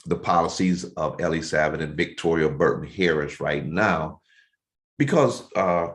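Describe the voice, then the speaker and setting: A man's voice: rumbling low, unhurried. A man hosting a casual interview over a video call, affirming and conversational with his guest. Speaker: show host.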